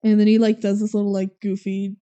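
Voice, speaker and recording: A woman's voice: medium pitch, completely flat delivery, fairly quick, warm tone, clean tone, dull audio. A young woman co-hosting a podcast, casually recapping a movie and acting out the characters' lines. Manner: retells scenes with quoted character lines, frequent "like" and "um". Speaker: podcast co-host.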